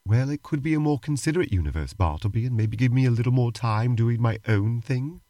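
A man's voice: medium pitch, brisk, warm tone, dry recording. A man co-hosting a comedic role-play podcast, fussy, prim and reluctant in his banter, over background music. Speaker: podcast co-host. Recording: music playing behind.

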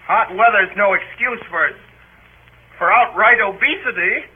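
A pompous teenage boy, forever indignant and whiny, squeaks high and husky through a tinny old radio broadcast. His complaints come in a 1940s radio-play manner, fussy and self-important. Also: unhurried.

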